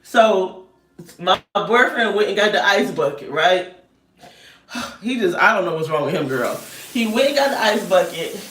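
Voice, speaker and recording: A woman in her thirties telling a story in a loud, animated rant and laughing often. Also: mid-range voice. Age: 30s. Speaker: vlogger. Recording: roomy echo, distant mic.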